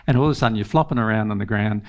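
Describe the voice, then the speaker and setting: A man's voice: on the low side, rapid-fire, slight background noise. A man giving an informal spiritual teaching talk, earnest, repeating phrases and laughing often.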